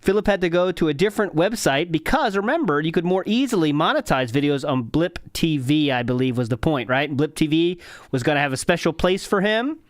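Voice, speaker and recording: A man's voice: on the high side, animated, a little fast, no echo, clean studio sound. A man hosting a podcast, rambling with many fillers as he comments casually on old video footage. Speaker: podcast host.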